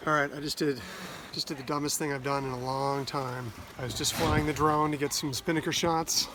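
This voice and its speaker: A man hosting a sailing vlog. He talks casually in a relaxed way and explains things plainly. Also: fairly high pitch, a little fast, background noise. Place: outdoors on a sailboat at sea.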